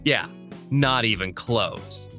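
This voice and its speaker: A man reading scripted voice-over narration in a smooth, even, promotional way. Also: medium pitch, takes it slowly, over music. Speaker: compilation narrator.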